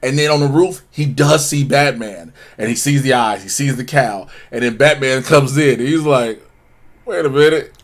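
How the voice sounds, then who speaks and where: A man co-hosting a casual review, jumping in excitedly with quoted lines and laughter. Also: mid-range voice, moderate pace, hardly any pauses. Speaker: co-host reviewing an episode. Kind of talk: casual recap chat.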